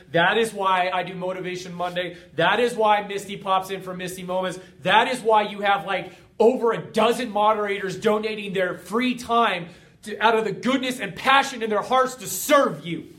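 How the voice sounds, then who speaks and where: High-voiced, fired-up motivational coach. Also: male voice, fairly bright tone. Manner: fired up, emphatic, repeating phrases for effect. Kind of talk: motivational talk.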